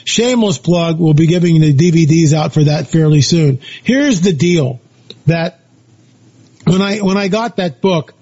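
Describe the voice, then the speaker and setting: On dull lo-fi audio, a man who is an author and researcher guest tells his story in an animated interview, leaning on repeated phrases and fillers for emphasis. His voice sits on the high side with a darkish, slightly rough tone and a somewhat slow pace.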